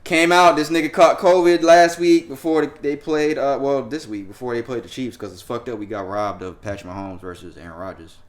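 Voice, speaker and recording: A man's voice: brisk, few pauses. A man co-hosting a podcast, talking in loose, profane banter and laughing as he goes. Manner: animated, laughing, profane banter with sudden jumps in pitch and volume. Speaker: podcast co-host. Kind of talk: casual chat.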